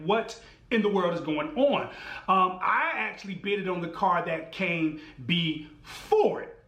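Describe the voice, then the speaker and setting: Man, high-pitched, comic storytelling, slangy, animated, echoey room. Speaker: podcast host. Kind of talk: storytelling monologue.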